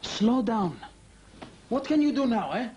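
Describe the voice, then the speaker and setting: A man's voice: very high-pitched, very animated, unhurried, a little mellow, muffled recording, a little hiss or hum, heavily acted. A worried, cautioning man. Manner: concerned, cautioning. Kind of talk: TV drama dialogue.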